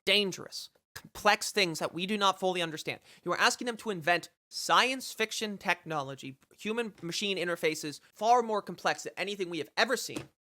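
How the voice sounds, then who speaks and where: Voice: mid-range voice, lively intonation, a little fast, bright, forceful tone, no echo, clean studio sound. A streamer giving live commentary on news reporting, reading passages aloud and reacting with sarcastic, profane rants.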